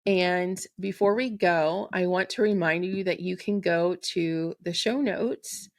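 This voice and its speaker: A woman hosting a solo spiritual podcast, speaking in a gentle, affirming way and slowing down to recite intentions. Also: on the low side, fairly even intonation. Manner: slow and deliberate when reciting an intention. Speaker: podcast host and Reiki practitioner.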